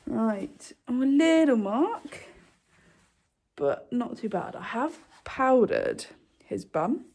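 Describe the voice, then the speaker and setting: A woman's voice: fairly high pitch, very animated, slow, slightly rough. A young woman chatting casually to camera in a stable yard, cooing to her horses between remarks. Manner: talks softly, coos to her horses. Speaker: equestrian vlogger. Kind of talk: casual vlog chat.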